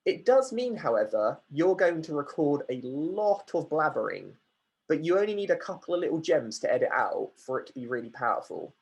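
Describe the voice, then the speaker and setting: A man leads an online workshop, answering questions from the chat in a chatty, relaxed way. His voice is husky and sits a little high. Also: normal speed. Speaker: workshop facilitator.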